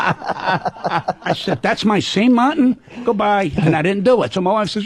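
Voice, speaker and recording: Husky, lively-voiced older man, profane. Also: high-pitched, unhurried, long pauses. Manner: profane, blunt, animated storytelling. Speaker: comedian guest. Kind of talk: casual radio chat.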